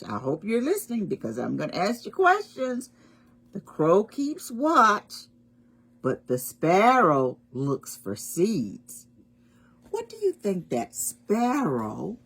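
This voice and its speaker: A woman reading a picture book aloud to preschoolers, animated and asking the children questions. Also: lowish voice, husky. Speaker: storytime reader.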